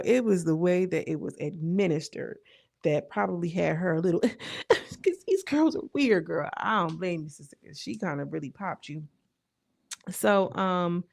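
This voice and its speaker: Young adult woman, casual reality show recap, chatty and slangy, gravelly voice, dry close sound. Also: medium pitch, darkish tone, no echo. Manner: chatty, slangy, retells scenes with lots of asides.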